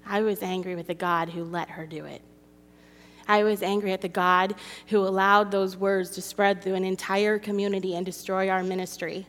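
A woman's voice: mid-range voice, level tone, normal speed, fairly bright tone. A woman reading scripture and giving an emotional, confessional testimony to a women's gathering. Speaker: women's ministry speaker. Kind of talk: personal testimony sermon. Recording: long hall reverb.

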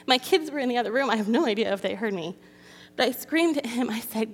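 A woman's voice: a little high, expressive, fast talker, slightly rough. A woman reading scripture and giving an emotional, confessional testimony to a women's gathering. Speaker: women's ministry speaker. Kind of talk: personal testimony sermon. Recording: long hall reverb.

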